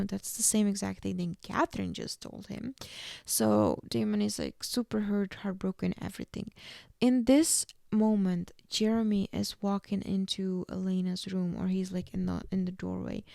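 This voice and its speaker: Chatty young woman with a gravelly voice. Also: mid-range voice, fairly even intonation, moderate pace, dark tone, no room sound, studio quality. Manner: chatty, full of "like" and "you know". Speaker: podcast host. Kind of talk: casual episode recap.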